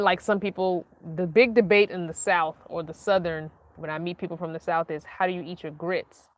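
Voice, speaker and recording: A woman from Northern Virginia hosting a casual livestream, reading viewer comments aloud in a chatty, animated way and laughing often. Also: on the low side. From Northern Virginia, USA. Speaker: vlogger hosting a live chat.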